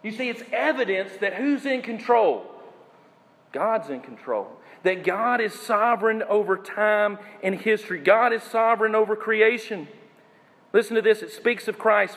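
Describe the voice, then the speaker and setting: Man, pastor, sermon, slow emphatic phrases, rhetorical questions, high voice, echoing church hall. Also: fairly bright tone.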